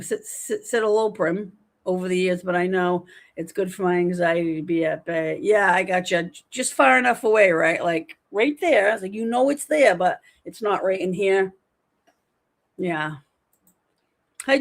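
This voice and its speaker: A woman's voice: medium pitch, a little slow, vocal fry. Chatty woman hosting a livestream. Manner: chatty, rambling, animated storytelling. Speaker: livestream host. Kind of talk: casual livestream chat, reading comments.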